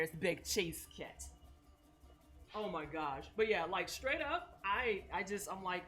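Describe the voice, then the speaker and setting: A woman streamer chatting casually while baking, animated and slangy, swearing freely. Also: on the low side, a little slow, soft background music.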